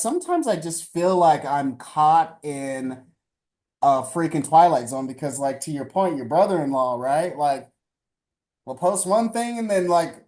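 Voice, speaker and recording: A man's voice: sits high, a little mellow. A man co-hosting a casual podcast, speaking emphatically with frequent restarts and some swearing. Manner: emphatic, halting, with restarts and profanity. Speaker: podcast co-host. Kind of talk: casual political podcast chat.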